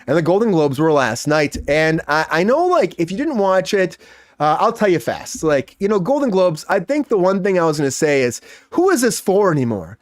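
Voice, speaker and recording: A man hosting a comedy entertainment news show, talking fast and joking, often dropping into quick impressions. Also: high voice, very animated, no room sound, studio quality. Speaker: host.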